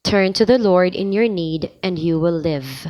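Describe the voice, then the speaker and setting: Slow, deliberate woman reading scripture. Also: lowish voice, a little mellow, poor audio. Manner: measured, deliberate, pausing between phrases. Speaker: lector practice host. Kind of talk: slow liturgical reading practice.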